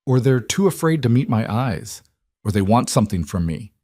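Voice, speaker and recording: A man voicing a controlled crime boss who speaks in flat, clipped sentences. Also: mid-range voice, normal speed, no room sound, clean studio sound. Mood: cold.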